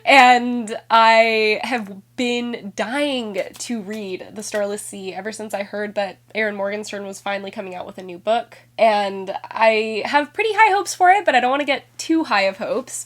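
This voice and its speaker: A woman in her twenties chatting casually on her vlog, her voice stuffy and nasal from being sick, rambling and correcting herself as she goes. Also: medium pitch. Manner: rambling and self-correcting, frequent laughs. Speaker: book vlogger.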